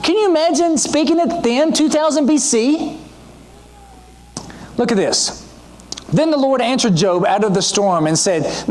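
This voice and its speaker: A man preaching a sermon in a conversational, animated way, often checking in with his listeners. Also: extremely high pitch, measured pace, pauses often. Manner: conversational, asks the audience questions; animated teaching delivery with frequent asides.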